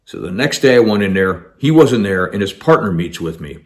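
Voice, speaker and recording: A man, an actor, telling a personal story in an animated way, acting out the dialogue as he goes. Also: lowish voice, a little fast.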